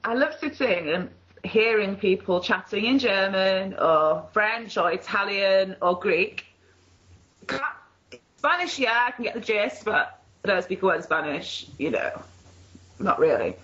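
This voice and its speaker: A call participant with a Yorkshire accent, from around Leeds in England, has a rambling, chatty conversation on a video call, laughing readily. She speaks unhurriedly in a medium-pitched, animated, fairly bright voice. The audio is muffled.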